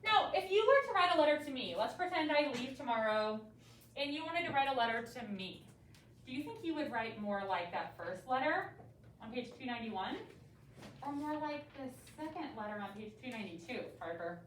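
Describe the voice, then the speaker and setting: A young woman's high voice moves fairly quickly as she leads a third grade reading lesson, asking pupils lively, encouraging questions. Captured far from the mic across an echoey classroom, the clip has a little hiss or hum and faint classroom ambience.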